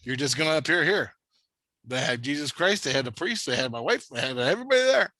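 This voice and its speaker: A man's voice: fairly high pitch, lively intonation, fast, sharp tone, dry recording. A man telling a long, rambling story in casual conversation, swearing constantly and talking with intensity. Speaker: storyteller recounting a spirit-world experience.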